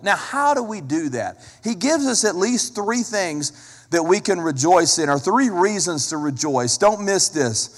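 A man's voice: high-pitched, very animated, measured pace, a bit bright. A man preaching a sermon as a pastor, emphatic, repeating key phrases and asking the listeners direct questions. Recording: long hall reverb.

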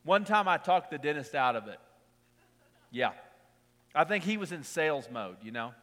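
A middle-aged man preaching a sermon in a conversational way, repeating key lines and telling quick personal stories. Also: a little high, very animated, bright, forceful tone, long reverb tail. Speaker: pastor.

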